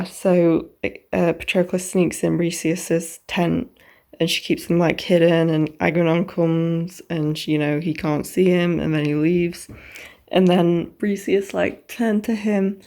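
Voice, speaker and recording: A woman's voice: fairly low pitch, vocal fry, dark tone. A young woman casually recapping a novel for her reading vlog, chatty and swearing freely, often dropping into a whisper. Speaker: book vlogger.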